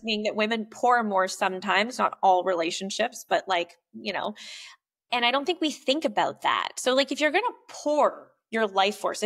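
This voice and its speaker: Candid, gravelly-voiced woman guest. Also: medium pitch. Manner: animated, candid, swears freely, acts out quoted speech. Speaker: podcast guest, poet and coach. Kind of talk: casual conversational interview. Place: lives in a small coastal town in California.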